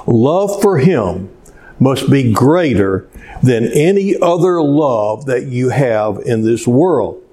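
A man preaching a sermon in an earnest, slow manner, telling a story with dramatic pauses. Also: mid-range voice, warm tone. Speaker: pastor.

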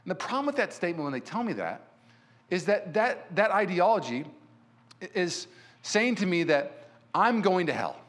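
Male pastor, high voice, animated sermon storyteller in a church. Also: moderate pace. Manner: animated storyteller who acts out quotes.

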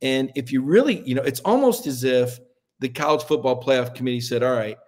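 A man's voice: mid-range voice, lively intonation, a little fast. A middle-aged man, a sports columnist in an opinionated, folksy debate who often repeats words as he builds a point.

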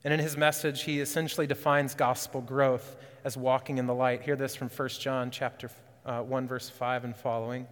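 A man's voice: medium pitch, little pitch movement, normal speed. Earnest male pastor in a reverberant hall. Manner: earnest preaching, rising to urgent questions then dropping to quiet emphasis. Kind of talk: sermon.

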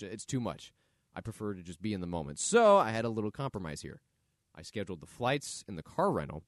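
Chatty animated man hosting a podcast. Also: low voice, no room sound, clean studio sound. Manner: chatty, animated, thinks aloud with fillers. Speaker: podcast host. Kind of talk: casual solo podcast monologue.

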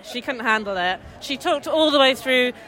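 A woman with a London accent, telling an animated, blunt story in a casual chat outdoors on a city street. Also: sits high, normal speed, some chatter behind. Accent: London English. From England.

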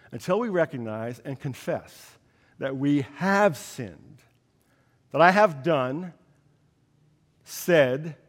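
A man preaching a sermon as pastor, slow and emphatic with dramatic pauses. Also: a little high, long reverb tail.

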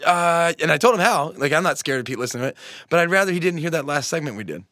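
A man's voice: fairly high pitch, very animated, racing, sharp tone, no room sound. A man co-hosting a podcast in casual chat, joking and laughing often, recorded in a studio. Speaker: podcast co-host. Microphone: studio mic, headphones.

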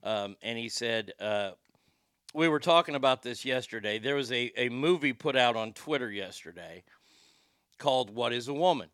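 A man's voice: mid-range voice, expressive, moderate pace, fairly bright tone, clean tone, dry recording. A man hosting a livestream, chatting casually and reading viewer comments in a rambling, profane way. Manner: rambling and profane, with frequent restarts.

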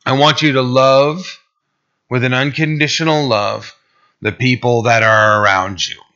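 A man's voice: medium pitch, steady tone, measured pace, sharp tone, dull audio. A man preaching a sermon to his church, talking in a conversational way that climbs to emphatic peaks. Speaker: pastor.

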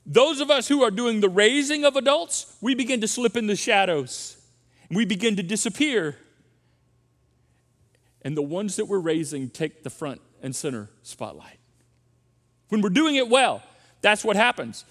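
Middle-aged man, pastor, sermon, emphatic, repeats phrases, high voice, long church reverb. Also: expressive, normal speed, long pauses, a bit bright. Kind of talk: sermon on parenting.

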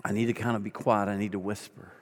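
A nervous woman on the phone keeps her voice hushed and urgent, as an older pastor in his sixties puts her on. Her words come low and quiet, with a long hall reverb around them. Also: quick pace, husky. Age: 60s. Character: anxious whispering married woman on phone.

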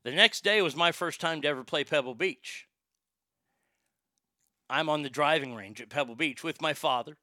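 Telling a casual, profane anecdote, this man speaks in a strikingly bright, forward voice that's fairly high, at a moderate pace with frequent pauses. He keeps restarting his sentences conversationally. The recording is dry and close, with no sense of room.

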